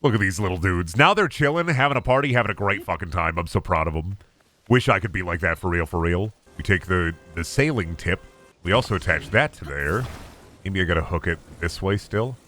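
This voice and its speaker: A young adult man streaming a game, joking and swearing, with sudden loud bursts. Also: low voice, a little fast. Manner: lively, swearing, jokey, shouts in bursts. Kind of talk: gameplay commentary.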